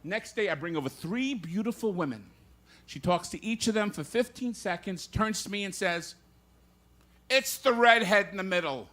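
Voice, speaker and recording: Lively high-voiced comedian telling jokes. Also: male voice, normal speed. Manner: old-school joke teller, banters with hecklers. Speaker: stand-up comedian. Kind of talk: live stand-up with crowd work. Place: comedy club stage with live audience.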